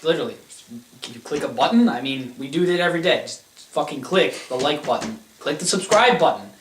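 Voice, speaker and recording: Deadpan young man in an echoey room. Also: a little high, fairly quick, recorded from a distance. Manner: deadpan and blunt, swears, bursts into excited rants. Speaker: co-host. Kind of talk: casual gaming chat.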